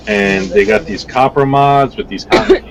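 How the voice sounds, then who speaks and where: A man's voice: medium pitch, big pitch swings, moderate pace, a crowd in the background, poor audio. A man talking as a podcast guest, telling stories in a rambling, profane way and often repeating himself. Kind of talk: casual storytelling chat.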